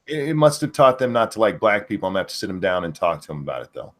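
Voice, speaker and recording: A male livestream host with a lowish voice that sounds worn from a long day of talking. He keeps the chat loose and wry, calling on his co-hosts and reading out viewer messages. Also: sing-song, very fast. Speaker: show host.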